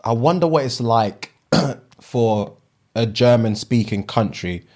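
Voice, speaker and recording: A young man chats on a casual podcast, earnest and musing. He repeats his points, and his pitch rises and falls freely around a middle height. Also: lively intonation, slow, darkish tone. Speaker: podcast co-host. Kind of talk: casual banter.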